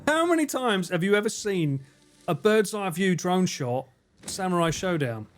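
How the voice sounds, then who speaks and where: A man streaming a game live, chatting casually with his chat, excitable and swearing often. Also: high voice, normal speed, soft background music.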